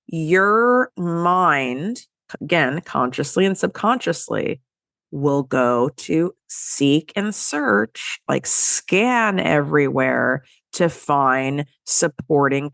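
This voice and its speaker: A woman's voice: low-pitched, a bit bright, dry recording. Woman podcast host with a stuffy nose, casual and emphatic motivational talk, dry close sound. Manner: casual, emphatic, talks straight to listeners.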